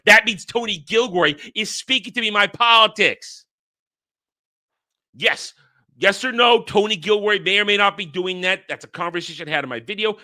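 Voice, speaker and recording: A man's voice: high voice, bright, forceful tone. A man hosting his own channel, delivering a heated, emphatic commentary rant, punching single words and tossing in crude insults and mocking quoted voices. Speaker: host. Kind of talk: ranting commentary monologue.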